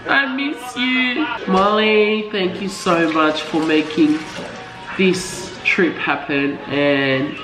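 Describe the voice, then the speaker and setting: A woman's voice: deep voice, slow pace. A woman chatting casually, emotional and laughing often as she thanks her family. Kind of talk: casual chat. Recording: echoey room with music behind.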